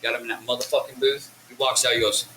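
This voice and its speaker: Profane, rambling man with a bright voice. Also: medium pitch, quick pace, a little hiss or hum, low-quality recording. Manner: profane, rambling, animated storyteller. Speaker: rapper. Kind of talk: casual interview chat.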